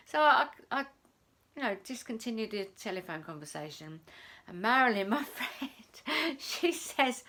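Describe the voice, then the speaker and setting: Chatty woman with a lively voice. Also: a little high, unhurried. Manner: chatty, repeats phrases, says "I says". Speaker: self-help vlogger. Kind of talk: casual storytelling to camera.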